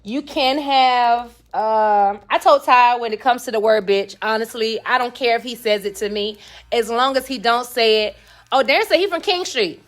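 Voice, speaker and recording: A lively young woman hosts a casual live chat, often laughing and acting out quoted lines in sudden shifts of voice. Her voice sits a little high for a woman. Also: moderate pace. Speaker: host.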